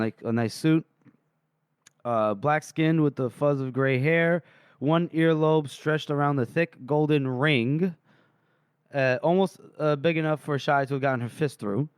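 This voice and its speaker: Smooth-voiced man recapping a book. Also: fairly high pitch, dry recording, clean studio sound. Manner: retells scenes with quick voiced quotes of characters. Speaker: podcast co-host. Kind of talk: casual chapter recap.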